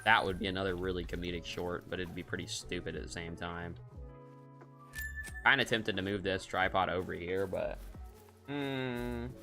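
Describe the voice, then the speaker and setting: A man's voice: low voice, sharp tone. A man streaming a hunting game, giving casual, rambling commentary and cracking jokes as he thinks aloud.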